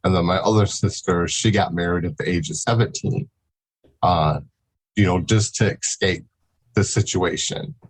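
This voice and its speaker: A man speaking as a podcast guest in casual, halting talk, full of fillers and pauses. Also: sits low, fairly even intonation, husky, poor audio. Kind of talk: casual interview chat.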